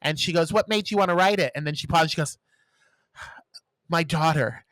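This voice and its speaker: A man with a fairly high, very bright voice talks on a podcast in casual chat, animatedly retelling a movie's scenes and slipping into playful voices. The sound is close and dry. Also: moderate pace, no room sound. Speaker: podcast co-host.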